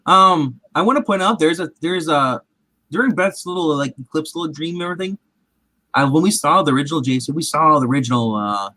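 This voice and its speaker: A man's voice: a little high, brisk, pushed and bright, no echo, rough recording. A man recapping a show in casual, rambling chat, acting out quotes in different voices. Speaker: comic show recap host.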